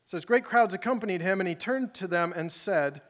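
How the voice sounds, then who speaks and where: Male pastor, high voice, chatty preaching style, church sanctuary with long reverb. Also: brisk, a bit bright. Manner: conversational preaching, voices Jesus and listeners in casual paraphrase. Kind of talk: sermon.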